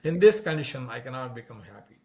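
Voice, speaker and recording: A man voicing a charming young male divine lover who flatters and pleads in a raised, louder voice. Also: medium pitch, fast, crowd noise, close to an everyday voice. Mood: coaxing.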